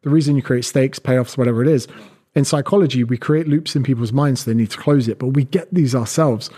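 Casting note: brash man, rapid-fire podcast guest, swears freely. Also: mid-range voice, mellow. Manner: fast, blunt, swears a lot, acts out quotes. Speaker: guest, personal trainer. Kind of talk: podcast conversation.

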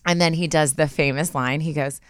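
A woman in her thirties chatting as a podcast co-host, her voice smooth and clear on a low register. She tells stories with eager, quick bursts and giggles often. The sound is dry and close. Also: steady tone, no room sound. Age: 30s. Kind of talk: casual chat.

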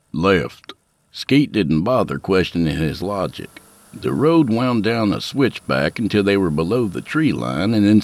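A man's voice: sits low, dry recording. A man narrating a scripted story in a dry, folksy, humorous way. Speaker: narrator and host.

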